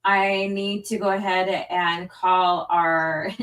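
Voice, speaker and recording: A woman's voice: mid-range voice, fairly even intonation, takes it slowly, few pauses, a bit bright. Rambling woman host, distant mic. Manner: rambling, apologetic, many fillers. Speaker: livestream host. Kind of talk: casual livestream chat. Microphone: phone hotspot stream.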